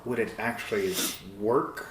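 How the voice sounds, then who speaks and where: A man speaking as a guest in a casual podcast discussion, thoughtful and halting with frequent restarts. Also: on the low side, fairly even intonation. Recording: roomy echo with faint noise.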